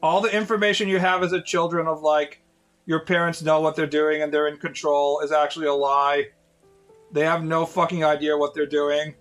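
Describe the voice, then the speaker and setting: A man's voice: on the high side, level tone, moderate pace, a bit bright, soft background music. A man in his late thirties, a streamer casually telling rambling, profane stories to his viewers with lots of fillers. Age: 30s.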